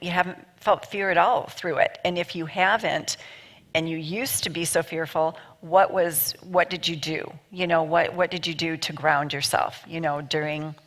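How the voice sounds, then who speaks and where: A woman's voice: fairly low pitch, a bit bright. A woman hosting a church talk show, encouraging and preacherly as she asks guests questions. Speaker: host.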